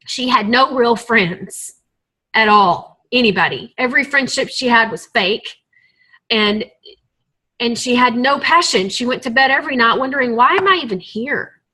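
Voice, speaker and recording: A woman's voice: fairly high pitch, normal speed, pushed and bright, low-quality recording. A woman leading a team call, giving an earnest, emotional motivational talk to her group. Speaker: team leader on a coaching call.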